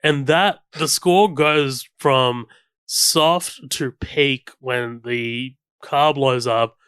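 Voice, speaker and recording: A man co-hosting a film podcast talks through the movie with real enthusiasm, retelling scenes and even humming the score. His voice is smooth and resonant, and it sounds close and dry. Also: mid-range voice, drawn-out words, no echo. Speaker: podcast co-host. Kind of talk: casual film commentary chat.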